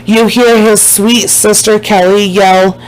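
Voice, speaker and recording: A woman telling a story in a loose, casual vlog style, with a mid-range voice. She talks bluntly and drops swear words as she goes. She often drags her words out slowly to drive a point home. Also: medium pitch, steady tone, poor audio. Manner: emphatic, swears freely, slows down to stress points. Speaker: YouTuber recapping a documentary.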